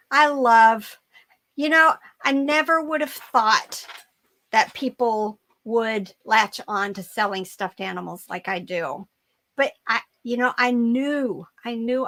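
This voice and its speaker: A woman's voice: a little high, fairly bright tone. A woman hosting a live stream about reselling, chatting casually in an upbeat way and often repeating her own phrases. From Germany. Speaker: reseller channel host.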